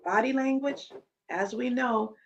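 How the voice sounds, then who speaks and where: A woman's voice: fairly high pitch, a little slow, dull audio, slight background noise. A woman hosting a podcast, explaining in an instructive tone and repeating key words for emphasis. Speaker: podcast host.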